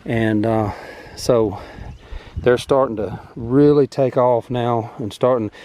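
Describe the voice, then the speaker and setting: A man with a drawl talks through his garden in a relaxed, rambling way, full of ums and uhs. His voice is dark and mellow at an ordinary pitch, and he sounds a little short of breath from the work outdoors. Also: takes it slowly. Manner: rambling, easygoing, many fillers. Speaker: farm vlogger. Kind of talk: casual garden walkthrough.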